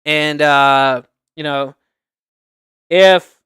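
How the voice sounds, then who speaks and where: A man's voice: on the high side, steady tone, very slow, pushed and bright, smooth, no echo. A man hosting a livestream, chatting casually and earnestly, rambling and circling back to repeat his points. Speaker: livestream host. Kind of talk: casual unscripted chat.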